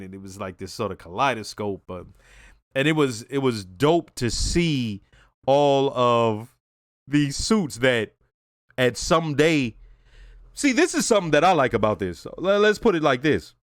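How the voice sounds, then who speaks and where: A man's voice: medium pitch, dry recording, clean studio sound. A man hosting a reaction video, casually reviewing a TV episode in a loose, profane, conversational way.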